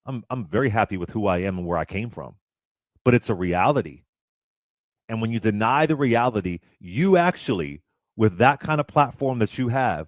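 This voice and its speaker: A man's voice: lowish voice, no echo, studio quality. A man under sixty hosting a talk radio show, making emphatic points and now and then mocking the people he quotes.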